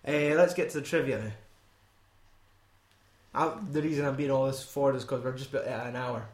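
A man's voice: mid-range voice, a little fast, roomy sound. A Scottish man co-hosting a podcast, rambling and swearing casually as he talks through a film. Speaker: podcast co-host.

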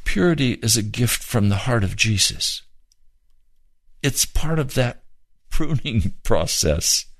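A man preaching a sermon, fervent and pleading, with slow drawn-out emphasis. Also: medium pitch, lively intonation, fairly bright tone, no echo.

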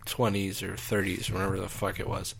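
A man's voice: low voice, completely flat delivery, fairly quick, gravelly, a bit bright, breathy edge. A man co-hosting a casual movie podcast, talking in a laid-back way with lots of fillers. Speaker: podcast co-host.

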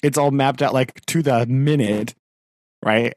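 A man's voice: mid-range voice, a little slow, a little mellow, dry recording, studio quality. A man, a teacher and podcast co-host, chatting casually and ranting in exasperation, laughing often and acting out quoted exchanges. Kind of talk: casual chat.

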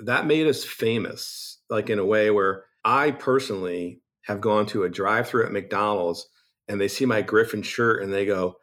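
Animated man telling business stories. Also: lowish voice. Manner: animated, acts out quoted conversations; blunt, occasional profanity. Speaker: business owner, podcast guest. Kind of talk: casual interview storytelling.

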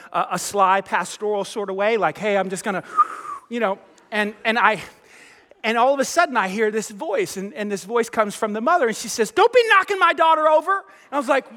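A male pastor preaches in a high, bright voice. He tells a personal story with animated, self-mocking flair and plays out the dialogue himself. The sound carries a long hall reverb. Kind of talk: sermon storytelling.

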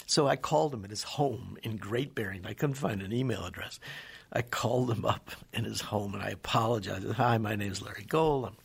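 A man's voice: lowish voice, a little fast, creaky, breathy edge. A man interviewed as a scientist guest, telling stories with enthusiasm and acting out what others said. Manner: enthusiastic storyteller, acts out quoted voices. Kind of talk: animated radio interview.

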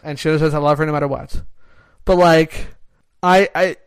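A man's voice: on the high side, fairly even intonation, brisk, clean tone, no echo. A Canadian man co-hosting a podcast in casual, rambling chat, full of "like" and restarts. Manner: rambling, self-interrupting, frequent "like". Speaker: podcast co-host.

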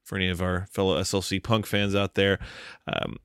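A man's voice: low-pitched, completely flat delivery, fairly quick, a bit bright, clear, resonant tone, no echo. Man, casual podcast co-host, joking plot recap, dry close sound. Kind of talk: casual movie podcast chat.

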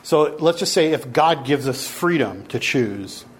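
A man's voice: medium pitch, animated, measured pace, slight background noise. A man teaching a Bible class, lecturing and challenging his students to argue back.

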